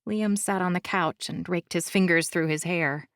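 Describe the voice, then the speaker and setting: A woman narrating a fantasy romance audiobook in the first person, calm, soft and measured. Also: lowish voice, no room sound, studio quality.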